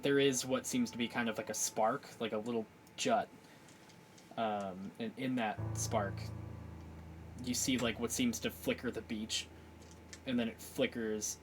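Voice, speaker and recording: A man's voice: mid-range voice, fairly even intonation, low-quality recording. Male game master with music behind. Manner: halting, many fillers and restarts. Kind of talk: narrating a tabletop game. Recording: clear music bed behind voice.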